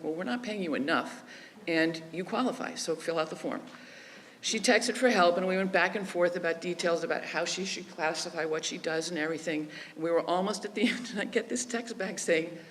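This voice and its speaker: Woman telling stories at a memorial, long reverb, faint hum behind. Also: fairly low pitch. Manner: heartfelt, storytelling, quotes others in her own voice. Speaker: speaker at a memorial service. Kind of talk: personal eulogy with anecdotes. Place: memorial service venue. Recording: reverberant hall with faint ambience.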